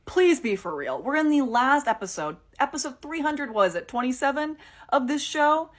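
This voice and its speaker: Ranting exasperated woman vlogger. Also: moderate pace. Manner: exasperated, ranting, with heavy swearing and "like"; swings between animated outbursts and low, subdued stretches. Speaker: TikTok creator reviewing a TV finale. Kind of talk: casual opinion vlog.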